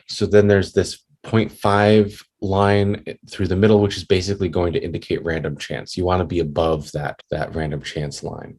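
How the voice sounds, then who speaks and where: Husky-voiced man giving an academic talk. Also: deep voice, a little mellow. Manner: explanatory, acts out dialogue examples casually. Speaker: conference presenter.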